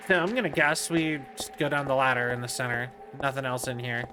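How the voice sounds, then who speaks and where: A man's voice: mid-range voice, fairly quick, few pauses, over music. A man casually commenting on a video game as he plays, chatty and rambling with lots of fillers. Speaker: streamer.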